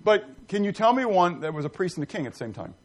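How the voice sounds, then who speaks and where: A man's voice: high voice, sing-song, quick pace. A middle-aged man preaching a sermon, reading scripture and putting questions to the congregation with emphasis. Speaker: pastor.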